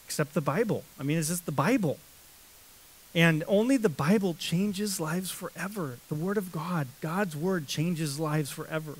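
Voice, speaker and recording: A man preaching an expository sermon as pastor, emphatic and repetitive, with many restarts and fillers. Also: fairly high pitch.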